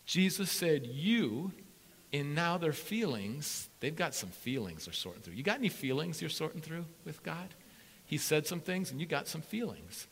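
A man preaching a sermon as a pastor, energetic and playful, repeating punch words for emphasis. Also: on the high side, moderate pace, breathy edge, long reverb tail. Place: church sanctuary with congregation.

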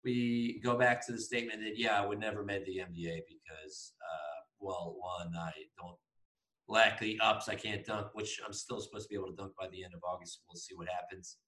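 A man's voice: deep voice, steady tone, brisk, sharp tone. A young man co-hosting a casual podcast, telling a rambling story with swearing and laughter. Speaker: podcast co-host. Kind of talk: casual chat. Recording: echoey room, mic at a distance.

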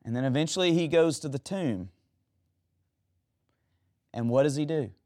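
A man's voice: a little high, animated, normal speed, darkish tone. Man preaching a sermon. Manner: asks the audience questions and retells stories.

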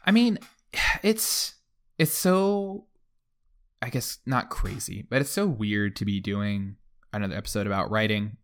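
A man's voice: on the low side, unhurried, a bit bright, clear, resonant tone. A young man hosting a podcast in casual chat, rambling with many fillers. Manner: rambling, lots of fillers like "like" and "you know". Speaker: podcast host.

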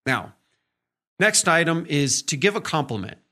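A man's voice: on the high side, very animated, measured pace, bright, forceful tone. Man talking through respectful manners. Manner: conversational, full of fillers and "right?" check-ins; acts out tones in short quoted examples. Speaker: podcast host. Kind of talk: casual teaching monologue.

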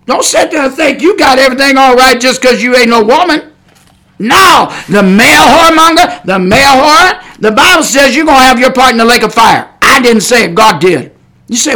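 A man preaches hard on a podcast in a very high voice. His tone is bright and forceful, and he leans on shouted, repeated warnings. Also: animated, moderate pace. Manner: fiery, preaching with shouted emphasis and repetition. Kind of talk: podcast sermon.

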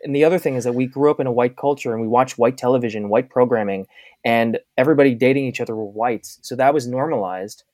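A man speaking as a guest in a casual conversation, reflective and halting, often restarting his sentences. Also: mid-range voice, a little mellow, no echo. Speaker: podcast guest, author.

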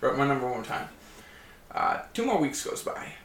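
A man's voice: mid-range voice, normal speed, gravelly, slight background noise. A man in casual chat, telling a long story and acting out the quotes in it. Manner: animated storyteller, acts out quotes. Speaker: guest. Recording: echoey room, distant mic.

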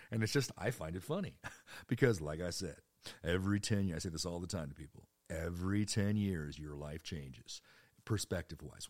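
Deep-voiced man telling rambling stories. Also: no echo. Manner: rambling and animated, jumps into high-pitched voices for other people. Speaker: storyteller. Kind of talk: casual personal storytelling.

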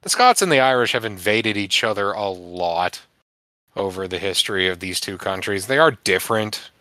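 A man's voice: lowish voice, animated, normal speed, sharp tone, no room sound. A man on a casual podcast, musing aloud through rambling guesses. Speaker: podcast co-host. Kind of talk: casual chat.

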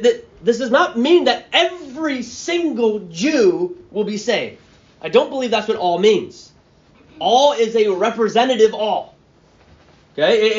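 A pastor with a notably high voice works through a Bible passage as if talking with friends. He keeps asking "right?" and "okay?" and trips over restarts as his thoughts run ahead. The recording sounds muffled and lo-fi. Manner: conversational, checks in with "right?" and "okay?"; stammers and restarts mid-phrase. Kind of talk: expository sermon. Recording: dull lo-fi sound.

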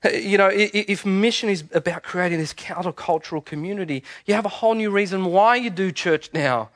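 A man preaching a sermon in a church, animated and conversational, often restarting his sentences. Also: sits high, a little fast. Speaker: pastor.

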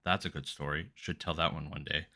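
On his solo podcast, a host with a rumbling low voice talks a little fast. His story wanders, full of swearing and frustration, delivered in an animated, exasperated way.

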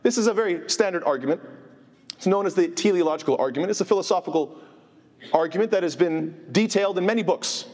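Animated male teacher in an echoing hall. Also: high voice, fast talker. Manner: animated, asks the audience rhetorical questions. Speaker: Islamic teacher. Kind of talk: informal religious lecture. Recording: long hall reverb.

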